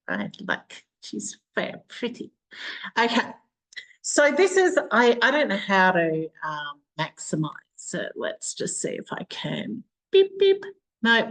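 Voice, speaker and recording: A woman's voice: medium pitch, a bit bright, poor audio. Bubbly Australian woman coaching online. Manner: bubbly and chatty, laughs often. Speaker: business coach. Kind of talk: live online training session.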